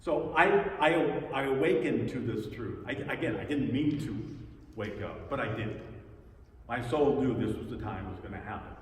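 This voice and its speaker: A man giving a personal testimony talk at a spiritual center, telling stories with pauses and repeated words. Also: medium pitch. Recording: echoey hall, distant mic.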